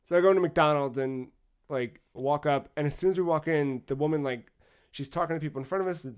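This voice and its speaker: A man co-hosting a podcast, telling a travel story in a casual, animated way with frequent swearing. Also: a little high, fast talker, clean tone. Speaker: podcast co-host.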